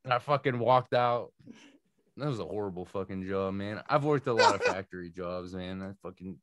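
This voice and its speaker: Profane, laid-back man with a low voice. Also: moderate pace, background noise. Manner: profane, laughs often, rambling stories. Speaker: music producer guest. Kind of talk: casual podcast chat.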